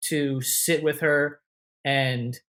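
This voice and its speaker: A man's voice: a little high, fairly even intonation, very slow, a bit bright. Loose, profane man telling a story. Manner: loose and profane, full of "like" and "you know"; acts out what others said with a raised voice. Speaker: interview guest, content creator. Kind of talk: casual storytelling in an interview.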